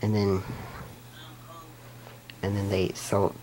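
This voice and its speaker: Guy slowly rambling thru a cartoon episode recap, keeps restarting, giggly, a bit of background hiss. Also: fairly low pitch, monotone, warm tone, poor audio. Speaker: YouTube episode reviewer. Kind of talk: casual unscripted recap.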